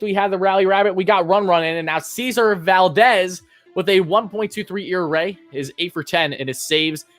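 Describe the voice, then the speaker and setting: A man with a high voice calls a game live as a fan, talking straight to his chat. He moves between easy pitch-by-pitch calls and loud, excited reactions, with faint music playing underneath. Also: dry recording. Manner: chatty, addresses chat as "guys", swings from calm calls to loud outbursts. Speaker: fan commentator and streamer. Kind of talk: live play-by-play fan commentary.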